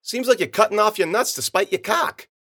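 A man's voice: high voice, brisk, fairly bright tone, voice pushed up. A man voicing a brash, crude, wisecracking tough guy who curses a lot. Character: brash, foul-mouthed tough guy, male, century-old.

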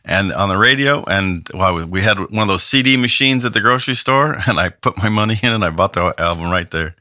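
A man's voice: lowish voice, expressive, fairly quick, sharp tone, no echo, clean studio sound. A man co-hosting a podcast, chatting and telling a story from his past. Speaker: podcast co-host. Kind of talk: casual chat.

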